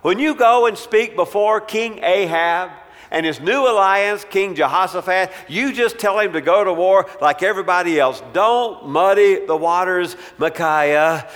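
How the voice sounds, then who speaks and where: Bir vaiz, ısrarcı ve ikna etmeye çalışan bir saray habercisini canlandıran bir adam. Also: male voice, sits high, unhurried, fairly bright tone, big-room sound, pitched above the performer's own voice. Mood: pressing. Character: pushy royal messenger, grown man.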